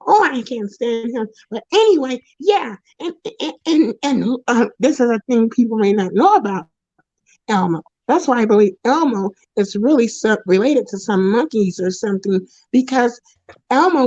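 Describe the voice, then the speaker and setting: A woman doing Slappy, a high-voiced, foul-mouthed puppet guy. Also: a little mellow, dry recording. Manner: profane, rambling, indignant ranting with frequent restarts. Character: foul-mouthed jealous male puppet performer, bitter and ranting. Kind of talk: comedic character monologue. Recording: dull, dry lo-fi recording.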